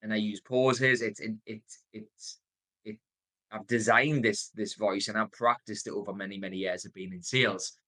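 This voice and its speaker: A man's voice: fairly low pitch, fairly even intonation, pushed and bright. Geordie man, emphatic sales coach. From North East England. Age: 30s. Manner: varies tone and pace, deliberate pauses, emphatic. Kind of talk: motivational coaching talk.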